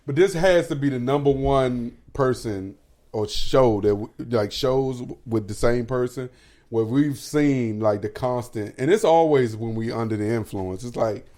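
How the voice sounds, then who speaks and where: Speaking at medium pitch in an unhurried, mellow way, this podcast co-host chats casually from home, laughing a lot and using plenty of profanity.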